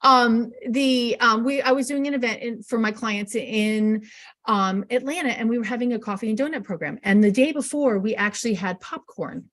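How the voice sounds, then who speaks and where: A woman's voice: a little high, brisk. A middle-aged woman giving a live webinar talk on event planning, telling chatty stories with fillers and restarts.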